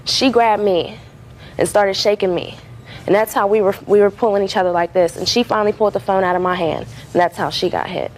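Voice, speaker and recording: A woman's voice: mid-range voice, steady tone, a little fast, darkish tone, a little hiss or hum, poor audio. A woman defendant telling her side in court, rambling and full of fillers and restarts. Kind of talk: courtroom testimony.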